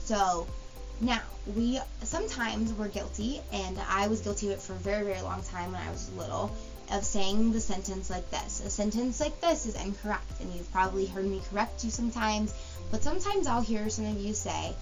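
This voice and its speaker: A woman teaching a grammar lesson to young students, patient and explanatory, slowing down to spell out example sentences. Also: mid-range voice. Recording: dull lo-fi recording with faint music.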